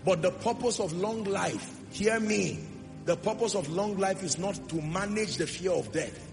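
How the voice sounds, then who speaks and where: A man preaching a sermon to a church congregation, emphatic, with rhetorical questions and swings between loud declarations and soft asides. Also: high-pitched, a little slow, creaky. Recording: long hall reverb with music underneath. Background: music.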